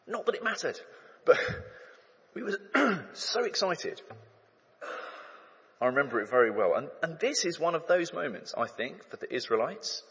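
A man preaches a sermon in a lively, swooping voice with a husky edge. He speaks casually and tells stories, acting out the crowd's shouts. His voice rings with the long reverb of a big hall. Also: on the high side, normal speed, long pauses. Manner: animated, conversational storytelling with acted-out crowd shouts.

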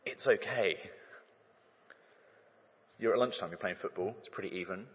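A man in his thirties preaching a sermon, conversational and animated, acting out crowd shouts as he tells stories. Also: lowish voice, moderate pace, breathy edge. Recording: long hall reverb.

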